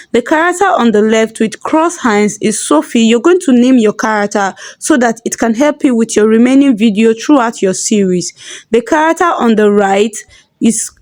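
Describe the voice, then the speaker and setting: A woman's voice: a little high, a little mellow. A woman hosting a tutorial, patiently explaining each step and repeating key points. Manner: patient, instructive, repeats herself. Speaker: tutorial host.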